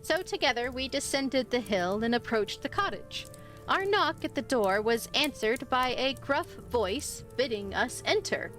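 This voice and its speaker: A woman narrating a spooky old story on a live stream, giving the dialogue expressive life. Her voice sits a bit high. Soft music plays faintly in the background. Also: a little slow. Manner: expressive, lively voicing of dialogue.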